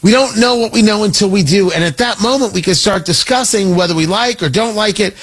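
A man hosting a political commentary show, talking in a sarcastic, animated monologue that swings his pitch for emphasis. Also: fairly quick, hardly any pauses, husky. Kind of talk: opinionated monologue.

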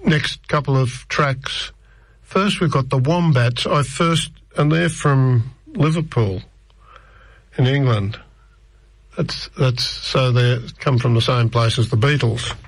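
Slow, gravelly older man. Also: mid-range voice, dry recording. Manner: rambling, digressive, with frequent restarts. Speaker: radio presenter. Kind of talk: casual radio track introductions.

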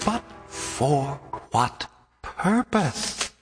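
An actor playing a scheming, menacing male tempter in an audio drama, slow and commanding, dropping to a hush and rising loud. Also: fairly high pitch, very animated, full character voice. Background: music.

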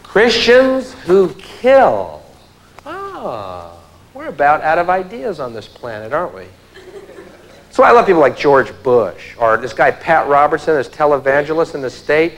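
A man's voice: a little high, expressive, brisk, fairly bright tone, rough recording. A male stand-up comedian with a wry, conversational delivery, performing live. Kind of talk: stand-up routine. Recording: live show with crowd laughter.

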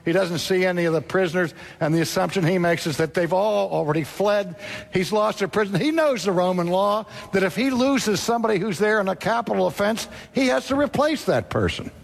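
A man's voice: high voice, lively intonation, a little fast, gravelly. A man preaching a sermon, telling a story dramatically and acting out the voices in it.

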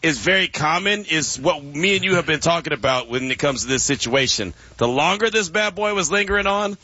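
A man's voice: fairly high pitch, animated, brisk, bright, forceful tone, breathy edge, no echo. A man hosting a sports radio show, bantering casually in a playful, teasing way and laughing often. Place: radio studio. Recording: dull, dry studio radio audio.

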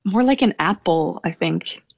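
A woman's voice: on the low side, animated, unhurried, vocal fry, no room sound. A woman guest recounting a personal story in a hesitant way, with stammered restarts and a modest, introverted manner. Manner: self-described introvert, modest. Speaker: interview guest.

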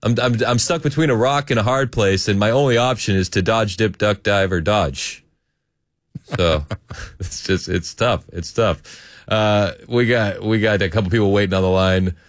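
A man's voice: lowish voice, moderate pace, no room sound, clean studio sound. A man, hosting a talk radio show in a chatty, joking way with frequent laughter.

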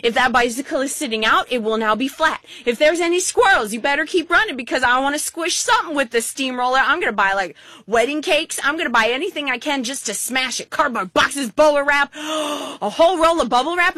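A woman's voice: sits high, fairly quick, no echo. A woman preaching a sermon, mixing scripture with playful, exaggerated stories. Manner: animated, playful, vivid exaggeration. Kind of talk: sermon with humorous storytelling.

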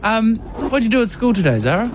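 A man's voice: high voice, big pitch swings, quick pace, music in the background. A man hosting a radio show, joking with callers and laughing often. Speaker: radio host. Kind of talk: casual radio banter.

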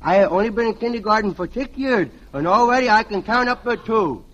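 A man's voice: high-pitched, animated, fairly quick, fairly bright tone, highs cut off. A man voicing a sassy, mischievous little boy of about five in a 1940s radio comedy sketch. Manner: sassy wisecracking, whiny when scolded. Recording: scratchy old radio recording with hiss.

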